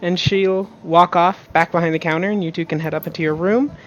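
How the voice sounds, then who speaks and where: A woman narrating as game master in a relaxed way, with many fillers. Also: lowish voice, a little fast, highs cut off.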